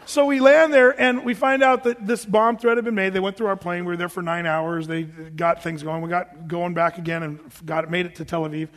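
Sitting high with little pitch movement, this preacher's slightly bright voice runs fairly quick with hardly any pauses as he tells his congregation a personal story. He's chatty and amused at himself, laughing often, in a big hall with long reverb.

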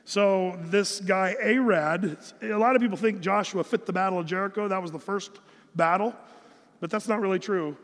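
A man's voice: sits high, normal speed, in a large hall. A man from the United States preaching an earnest, emphatic Bible-teaching sermon, often restarting his phrases. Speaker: pastor.

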